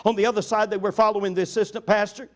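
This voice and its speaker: An older man, a pastor preaching a sermon in an earnest storytelling way, slowing down to stress key points. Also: sits high, flat delivery. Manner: earnest storytelling, slows down for emphasis.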